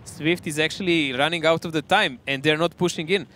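Male color commentator: slightly high, bright and forceful, analytical with sudden bursts of excitement. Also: a little fast, a little hiss or hum. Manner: analytical, erupts into excited shouts. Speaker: esports co-caster.

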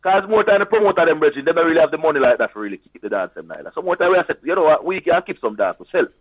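Fast-talking Jamaican man on a phone line. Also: fairly high pitch, slightly rough, dry recording. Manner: animated patois boasting. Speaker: sound system selector guest. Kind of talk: casual radio chat. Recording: tinny phone-line audio.

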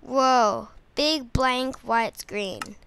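A woman giving goofy, excitable let's play commentary while playing a game, talking to herself and the viewers. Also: a little high, extremely slow, gravelly, slight background noise. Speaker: gamer.

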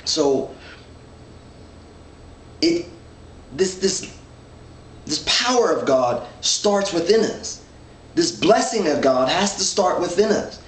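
A man's voice: high-pitched, animated, slow pace, pauses often. A man leading a men's Bible study, reading scripture and explaining it in an earnest, thinking-aloud way with many restarts. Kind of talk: informal Bible teaching. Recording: echoey room, mic at a distance, faint ambience.

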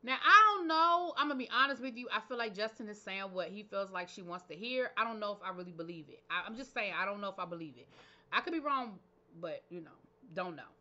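A woman's voice: medium pitch, expressive, fast, bright, forceful tone, highs cut off. A woman hosting her own channel, recapping a reality show episode in a casual, opinionated way with slangy asides. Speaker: TV show reviewer, channel host.

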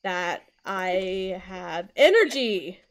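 A young adult woman chatting casually while streaming a co-op game, excitable, swearing and tripping over her words. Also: medium pitch, very slow. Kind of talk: casual co-op gaming chat.

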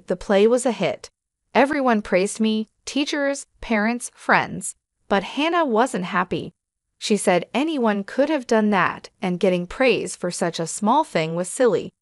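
A woman reading a first-person story aloud as scripted narration, in a steady, measured way. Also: medium pitch, dry recording, clean studio sound.

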